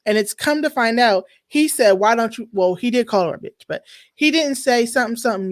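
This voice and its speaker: A woman hosting a podcast, chatting casually with lively, emphatic slang. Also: fairly high pitch, fairly quick. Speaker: podcast host. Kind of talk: casual chat.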